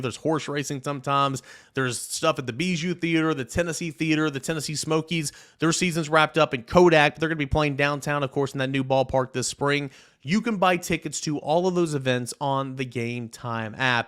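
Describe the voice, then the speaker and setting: Guy hosting a football podcast, fired up, opinionated, goes loud then mutters. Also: mid-range voice. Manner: animated, opinionated, swings between loud jabs and muttered asides. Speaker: podcast host. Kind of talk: casual sports podcast talk with a read ad.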